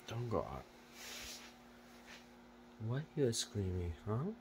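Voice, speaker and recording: Slow, coaxing man talking to his bird. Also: fairly low pitch, very animated, noisy background. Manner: coaxing baby talk, repetitive questions. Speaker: pet owner. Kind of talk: casual talk to a pet bird.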